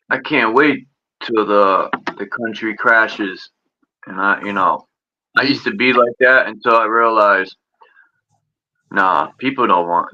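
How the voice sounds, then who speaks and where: A man's voice: fairly low pitch, pushed and bright. A man in casual chat, laid-back and profane. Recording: dull, lo-fi sound.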